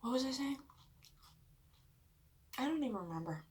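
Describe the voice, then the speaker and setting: A woman vlogger telling a story casually while eating, chatty and full of "like", swearing often and dropping into hushed whispers at dramatic moments. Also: high-pitched, lively intonation, moderate pace, a little hiss or hum. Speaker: mukbang vlogger.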